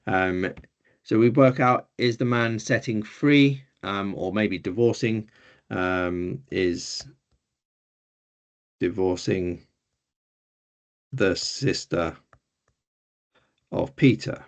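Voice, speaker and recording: A man's voice: fairly low pitch, slow pace, long pauses. A man teaching a beginners' language class, explaining patiently and hesitantly with frequent ums. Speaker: Greek teacher. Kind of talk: informal online class teaching.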